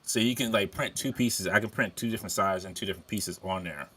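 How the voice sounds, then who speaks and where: A man co-hosting a casual podcast, laid-back and lively, reading out viewer comments. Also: fairly low pitch, quick pace, breathy edge. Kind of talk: casual chat.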